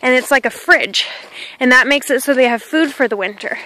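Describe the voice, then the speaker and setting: Vlogger: high-pitched Midwestern woman, rambling and chatty, recorded outdoors on a phone. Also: brisk, pushed and bright, no echo, rough recording. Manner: chatty and rambling, talks to her dog. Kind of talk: casual walking vlog. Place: outdoors on a country path. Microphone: handheld phone camera.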